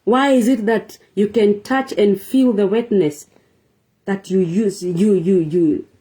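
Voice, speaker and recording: A woman's voice: mid-range voice, slow, mellow. A woman hosting a relationship talk show, lecturing her viewers with rhetorical questions and emphatic repetition. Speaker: show host. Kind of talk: preachy relationship talk monologue.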